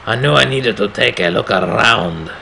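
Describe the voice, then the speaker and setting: A man putting on a strained, raspy voice to read a game's horror narration slowly and grimly. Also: fairly low pitch, pushed and bright, slight background noise, exaggerated voice, low-quality recording. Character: gravelly grown man narrating his own horror story.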